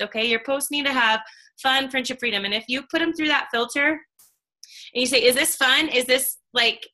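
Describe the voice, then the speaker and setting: A woman's voice: high-pitched, bright, forceful tone. A woman giving a casual, upbeat business training talk on a call, chatty and full of "like" and "okay.".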